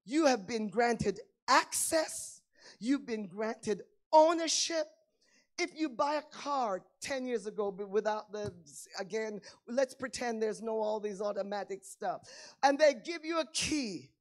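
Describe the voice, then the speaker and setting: A woman preaching a sermon, swinging between hushed lines and loud emphatic ones, acting out little everyday dialogues. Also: on the high side, animated, a little slow. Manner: acts out little dialogues in plain voices.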